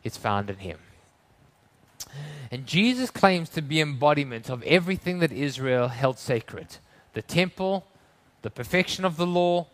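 A man preaching a sermon in church, earnest, building to emphatic lines and then dropping to hushed tones. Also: fairly high pitch.

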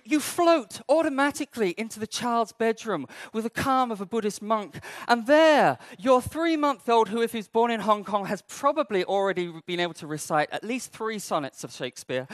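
A man's voice: very high voice, lively intonation, moderate pace, no echo. A man preaching a sermon in a humorous, conversational way, acting out little quoted scenes.

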